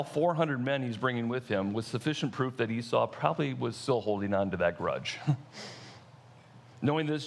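A middle-aged male pastor with a gravelly, creaky voice, preaching in a church. He tells the story patiently and slows down to let key lines land. A faint hiss sits under the recording. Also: medium pitch. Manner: storytelling preacher, varies pace for emphasis. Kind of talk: sermon.

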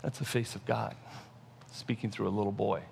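A middle-aged male pastor with a gravelly, creaky voice, preaching in a church. He tells the story patiently and slows down to let key lines land. A faint hiss sits under the recording. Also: lowish voice, fairly even intonation, a little mellow. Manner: storytelling preacher, varies pace for emphasis. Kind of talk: sermon.

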